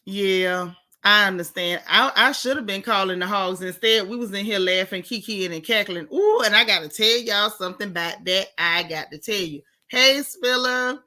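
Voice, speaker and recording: A woman hosting a casual livestream, warmly greeting chat viewers one by one by name. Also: medium pitch, moderate pace, few pauses. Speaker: livestream host. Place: home in Texas.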